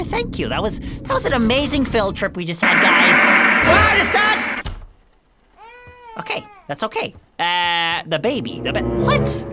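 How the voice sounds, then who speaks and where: A woman commentating her video game play, excitable and jumpy, talking back to the characters on screen. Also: medium pitch. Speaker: gaming channel host. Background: game music.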